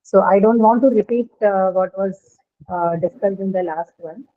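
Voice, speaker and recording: A woman's voice: medium pitch, normal speed. A woman giving an online lecture in an explanatory way, often checking in with "right?" after each point. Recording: tinny phone-like audio.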